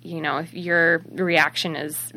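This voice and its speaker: Young mom guest, talkative and rambling, bright tone, a bit low. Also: female voice, level tone, slow. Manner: chatty, rambling with many "like"s and restarts. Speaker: guest, mother of toddlers. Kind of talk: casual chat.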